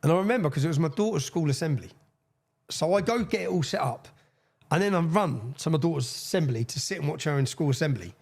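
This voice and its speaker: A man's voice: a little high, vocal fry, slightly rough. A man, a podcast guest telling a long story with energy, swearing and acting out the people he quotes. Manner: fast, excitable, swears, acts out quoted voices. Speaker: interview guest. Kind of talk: animated storytelling in a podcast interview.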